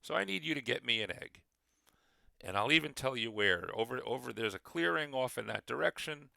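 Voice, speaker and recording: A mischievous fey leprechaun, put on by a man running a tabletop game talks in a raised, cheerful voice that wheedles and bargains. His tone is bright and clear with a gravelly edge. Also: medium pitch, expressive, fairly quick, dry recording, pitched above the performer's own voice, full character voice. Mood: cheerful bargaining. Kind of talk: game master voicing a character.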